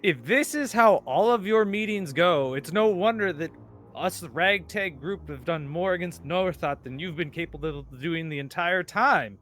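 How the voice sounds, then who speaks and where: A man voicing an indignant male adventurer scolding a council of gods in a scornful, drawn-out way. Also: fairly high pitch, fairly bright tone, faint music behind, pitched above the performer's own voice, lightly acted.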